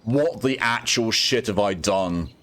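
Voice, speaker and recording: A man's voice: fairly low pitch, unhurried, a bit bright. A man streaming a game, chatting casually and telling corny jokes. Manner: jokey, chatty, laughs at his own puns. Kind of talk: casual gameplay commentary.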